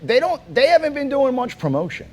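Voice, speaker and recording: A man hosting a casual interview podcast, excitable and teasing, often laughing. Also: very high-pitched, fairly quick, a little hiss or hum. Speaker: podcast host.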